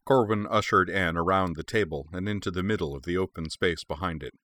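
Man narrating fantasy audiobook, very deep, bright tone, dry close mic. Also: a little fast, no room sound.

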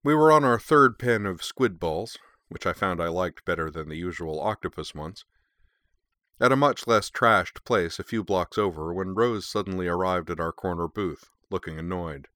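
Wry first-person audiobook narrator, male, low voice with a bright edge. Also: normal speed, no room sound.

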